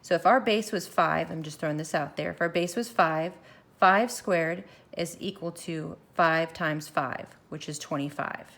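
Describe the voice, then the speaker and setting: A woman teaching a recorded math lesson, walking through each step slowly and thinking aloud as she films her worksheet. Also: sits low, a bit bright. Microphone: phone camera filming her worksheet.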